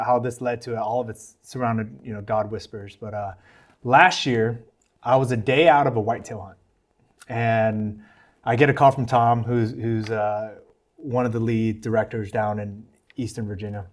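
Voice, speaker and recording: In a medium-pitched voice at a normal pace, an American podcast guest relates his testimony earnestly and casually. He brings quoted dialogue to life by voicing the people he's quoting.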